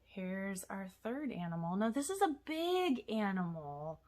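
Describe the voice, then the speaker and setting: A woman, a children's librarian, leading a storytime rhyme with puppets in an animated, sing-song way for young children. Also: medium pitch, unhurried.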